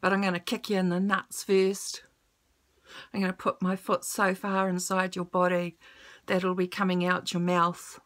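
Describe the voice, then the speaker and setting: A woman's voice: fairly low pitch, completely flat delivery, normal speed, fairly bright tone. A woman telling a personal story on camera, emotional and blunt, swearing freely.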